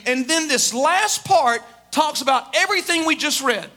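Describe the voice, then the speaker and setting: A man's voice: very high voice, moderate pace, few pauses, sharp tone. A man preaching a sermon as pastor, emphatic, building his points with repeated rhetorical questions.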